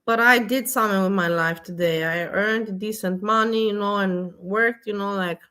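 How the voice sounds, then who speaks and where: A woman's voice: mid-range voice, normal speed, bright, forceful tone. Blunt ranting woman vlogger. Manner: blunt, exasperated, repetitive. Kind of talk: casual ranting monologue.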